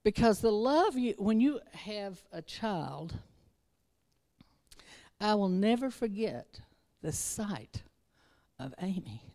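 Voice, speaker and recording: A woman's voice: mid-range voice, big pitch swings, slow pace, long pauses, warm tone. A woman preaching an informal sermon in a rambling, conversational way, restarting herself and building into fervent exhortation. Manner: self-interrupting, restarts verses.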